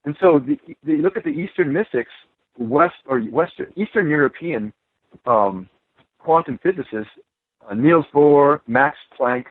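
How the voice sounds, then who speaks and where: A man's voice: a little high, expressive, measured pace, no echo. A man, an author speaking as an interview guest, rambling with frequent restarts and repeated words. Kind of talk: conversational interview monologue. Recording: tinny phone-line audio.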